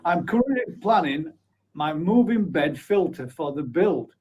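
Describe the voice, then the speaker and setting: A man's voice: a little high, big pitch swings, unhurried, a little mellow, breathy edge, low-quality recording. A man in his forties hosting a live stream, chatting casually and reading out viewer comments, blunt, with offhand swearing and frequent laughs. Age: 40s.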